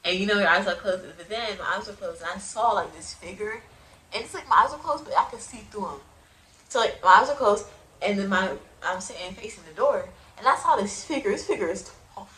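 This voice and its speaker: A young woman casually telling her personal testimony into a phone, animated and prone to sudden loud outbursts, with uneven volume. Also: medium pitch, brisk, low-quality recording. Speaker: person giving a religious testimony.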